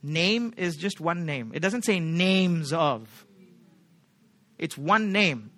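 Male pastor, high bright voice, emphatic sermon delivery, keeps checking in with the congregation. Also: lively intonation, takes it slowly. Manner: emphatic, asks the congregation rhetorical questions.

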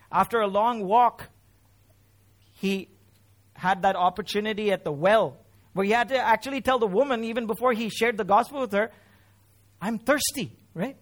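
A man with a notably high voice preaches a sermon in church. He talks with feeling, rising loud on key phrases and sinking low and soft between them. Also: normal speed, breathy edge. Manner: emotional, swells louder on key phrases then drops low. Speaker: pastor.

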